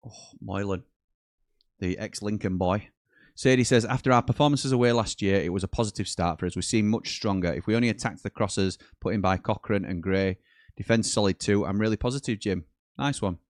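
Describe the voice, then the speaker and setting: A British man hosting a live football watchalong, reading viewer comments aloud and breaking into quick commentary on the match. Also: lowish voice, no room sound, studio quality. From Britain. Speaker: watchalong host.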